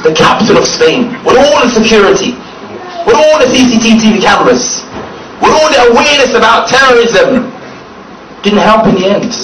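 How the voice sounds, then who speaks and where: A man's voice: sits high, expressive, normal speed. A man preaching to an audience in a mocking tone, laughing often as he speaks. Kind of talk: public speech. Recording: echoey, distant, noisy recording.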